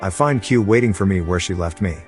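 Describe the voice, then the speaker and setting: A man narrating an audiobook in the first person, steady and low-key, with a husky voice. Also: fairly quick, faint music behind.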